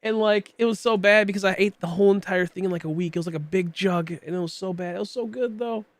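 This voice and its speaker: A man's voice: high voice, fast, no room sound. A man in his late twenties chatting casually while streaming a game, rambling with many fillers and coughing now and then. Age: late 20s. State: coughing, throat tickly.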